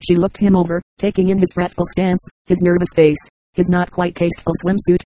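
Flat synthetic audiobook narrator. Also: medium pitch, fairly quick, dry recording, poor audio. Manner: reads symbols aloud literally. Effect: text-to-speech voice.

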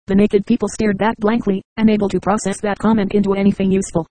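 A synthetic text-to-speech voice reading a novel aloud with an even, mechanical delivery. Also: mid-range voice, quick pace, hardly any pauses, no echo, poor audio. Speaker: audiobook reader. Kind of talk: scripted narration.

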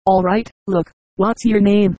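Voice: mid-range voice, measured pace, no echo, close to an everyday voice, rough recording. A speech synthesizer reading a self-assured young prince. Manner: flat, unvaried line reading.

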